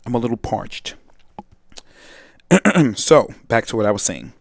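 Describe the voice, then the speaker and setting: A man's voice: mid-range voice, expressive, slow, creaky, dry recording. Rambling young man. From Brooklyn, New York. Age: young adult. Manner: rambling, digressive, restarts often, talks straight to viewers. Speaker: host and video editing tutor. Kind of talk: casual screen-recorded software tutorial.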